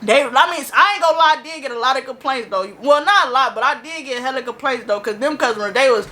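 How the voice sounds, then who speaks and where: High, bright-voiced young woman ranting casually. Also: fast. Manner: loose, profane slang-heavy storytelling. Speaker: reaction video host. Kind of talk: casual reaction vlog.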